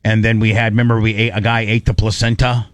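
A man in casual chat as a radio show co-host, telling rambling, excitable stories full of restarts. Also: lowish voice, quick pace, dry recording.

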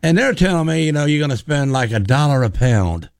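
A man's voice: fairly high pitch, sing-song, brisk, no room sound, clean studio sound. A man casually telling a long rambling story on a talk show, acting out what people said. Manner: rambling storyteller, acts out quotes. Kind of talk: casual radio chat.

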